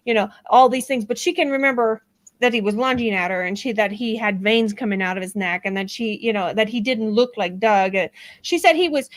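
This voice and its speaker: A middle-aged woman talks through a courtroom case in casual commentary, her voice sitting a little high. She is animated and sarcastic, mimicking the people she describes. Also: rough recording. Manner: animated, sarcastic, acts out quotes. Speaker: true-crime commentator.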